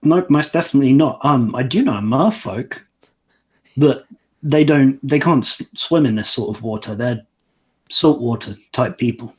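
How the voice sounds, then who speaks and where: A man's voice: mid-range voice, animated, moderate pace, darkish tone. Hesitant, polite male player. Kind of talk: in-character tabletop play.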